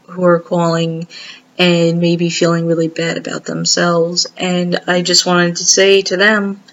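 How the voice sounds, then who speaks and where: Woman, gentle earnest vlog message, low voice, slow and halting. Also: rough recording. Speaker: vlogger. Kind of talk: heartfelt direct-to-camera message.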